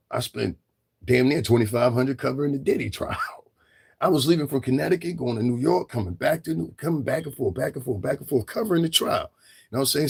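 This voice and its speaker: Husky-voiced man ranting on a livestream. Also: medium pitch. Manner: profane, confrontational, repetitive. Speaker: livestream commentator. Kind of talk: livestream rant.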